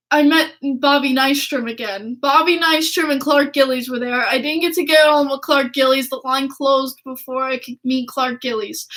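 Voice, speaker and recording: An excitable woman hosts a casual podcast, with a notably high voice. She gushes as she tells her story, laughs often and swears freely. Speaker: podcast host.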